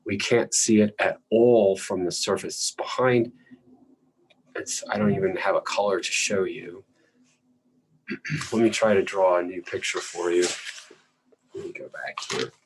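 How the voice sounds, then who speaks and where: A man with a very low voice teaches anatomy in a plain, patient way, sketching as he goes and clearing his throat now and then. A faint hiss sits under the recording. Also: unhurried, pauses often, poor audio. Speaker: anatomy lecturer. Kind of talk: recorded lecture while drawing.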